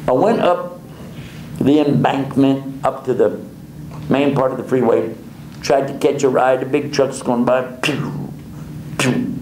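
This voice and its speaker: A male preacher telling a personal story in a lively way, chuckling and acting out the dialogue. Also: mid-range voice, unhurried, pauses often, noisy background. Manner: animated, chuckles often, acts out dialogue. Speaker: Islamic preacher. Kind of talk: storytelling lecture. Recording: echoey hall with faint ambience.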